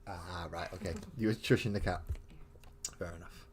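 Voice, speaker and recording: Low-voiced man rambling through a live stream. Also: steady tone, normal speed. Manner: rambling, thinks aloud with frequent restarts. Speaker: host of a live miniature-painting stream. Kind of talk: casual live-stream chat.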